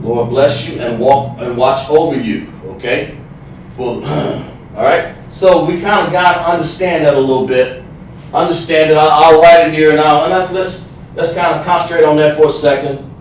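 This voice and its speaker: A man teaching a livestreamed class, explaining slowly, repeating himself and sounding out letters. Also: fairly high pitch, recorded from a distance. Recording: echoey room, voice from off the mic, faint noise.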